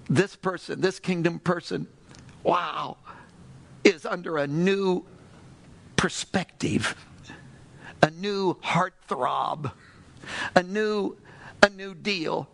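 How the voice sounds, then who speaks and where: With a fairly high, gravelly voice, a man delivers an exclamatory, animated sermon full of rapid rhetorical questions and sighed "oh, brother" remarks.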